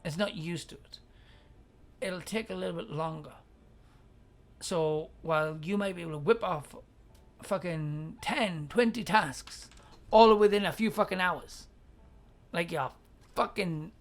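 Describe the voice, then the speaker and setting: A woman's voice: on the low side, a little slow. Blunt, foul-mouthed woman streamer. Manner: blunt, heavy swearing, laughs often; reads viewer chat aloud. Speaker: livestream advice host. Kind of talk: casual livestream advice chat.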